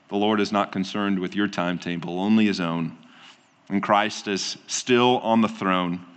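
A man preaching as a pastor, calm and earnest, often easing into soft, slow endings. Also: on the low side. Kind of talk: sermon. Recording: long hall reverb.

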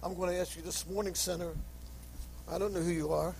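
A man's creaky voice, flat in delivery and a little fast, carries an impassioned sermon in which he reads scripture in King James wording, calls out to sinners, and rises to high shouts. There's slight background noise and poor audio.

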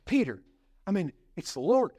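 This male pastor's sermon features a vividly told story, moments where he goes low and quiet, and rising intensity with rhetorical questions to the congregation. His intonation is lively and his pace moderate.

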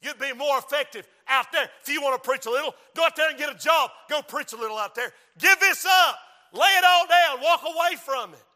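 A scornful devil mocks and belittles, hurling accusation after accusation in a high, sharply bright voice, as a preacher puts him on. The sound rings with the long reverb of a church hall. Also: male voice, quick pace, hardly any pauses. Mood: taunting. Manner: mocking, belittling taunts.

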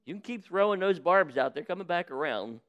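A man preaching as a pastor, who reads a parable aloud with lively voices for its people and then preaches on it. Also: high voice, brisk. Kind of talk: sermon with a read-aloud story. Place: church.

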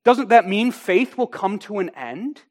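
A man with a high voice delivers a sermon as a pastor. He speaks deliberately and with emphasis, stretching out key phrases to drive his point home. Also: expressive.

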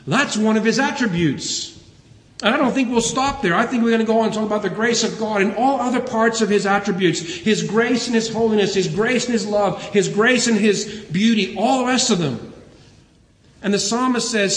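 A man's voice: high-pitched, normal speed. A man preaching a sermon in a church, earnestly quoting scripture and building emphasis. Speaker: pastor. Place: church sanctuary. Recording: roomy church hall reverb.

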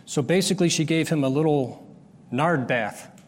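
A man preaching a sermon, explaining a Bible passage step by step and pausing to restart his phrases. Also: on the high side. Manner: explanatory, rises sharply when acting out the disciples' scolding. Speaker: pastor. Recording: long hall reverb.

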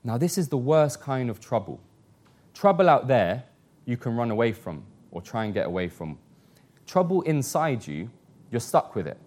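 A man preaching a sermon, earnest, reading scripture aloud with slow, weighty emphasis. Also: on the low side, darkish tone.

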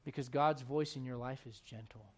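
A male pastor preaching a sermon, swinging between shouted intensity and hushed, gentle tones. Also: mid-range voice, fairly even intonation, moderate pace.

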